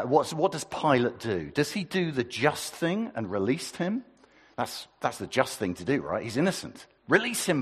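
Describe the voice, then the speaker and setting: Male preacher, husky, lively up-and-down delivery, church reverb. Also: on the low side. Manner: lively, conversational, asks the congregation questions. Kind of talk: sermon.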